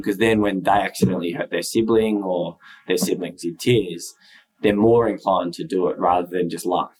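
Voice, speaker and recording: Deep-voiced father, earnest. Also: fairly even intonation, moderate pace, a little mellow, poor audio. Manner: earnest, reflective. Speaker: podcast co-host, father. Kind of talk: casual podcast chat.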